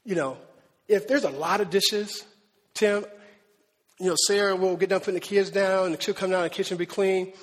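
A high-pitched male pastor delivers a sermon in a conversational, animated manner. He keeps asking his listeners "right?" and acts out the voices of the people in his stories. His voice carries a long reverb, as if it were recorded in a church hall. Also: fairly quick. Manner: conversational, checks in with "right?" often; animated storytelling with acted-out quotes.

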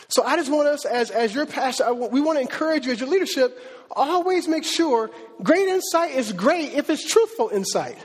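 A male pastor preaching a sermon in a lively, conversational, slangy way. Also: very high voice, normal speed, long reverb tail.

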